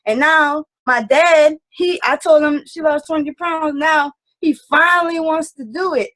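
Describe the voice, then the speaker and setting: A woman's voice: sits high, a little slow, a bit bright, rough recording. Earnest, rambling woman on a call. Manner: earnest, rambling, lots of fillers. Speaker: team member sharing takeaways. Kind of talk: casual testimonial on a video call. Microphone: video call.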